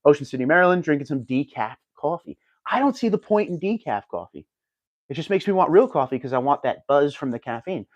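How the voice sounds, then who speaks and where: A man's voice: a little high, very animated, a little fast, dry recording, dull audio. A man hosting a casual livestream, chatting and reading viewer comments aloud. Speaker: livestream host reading chat.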